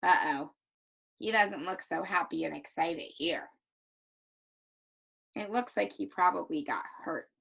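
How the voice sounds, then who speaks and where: A young woman teacher giving a recorded reading lesson to young children, with exaggerated, animated demonstrations. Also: fairly low pitch, a little slow, vocal fry, long pauses, slightly rough, low-quality recording.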